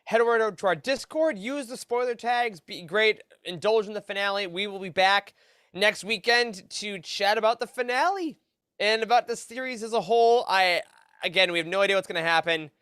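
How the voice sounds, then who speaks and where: A man's voice: high-pitched, moderate pace, a bit bright, clean tone, dry recording, clean studio sound. A man hosting a fan podcast, upbeat and enthusiastic as he chats and signs off the show. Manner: upbeat, enthusiastic sign-offs. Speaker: podcast host. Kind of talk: casual chat and show outro.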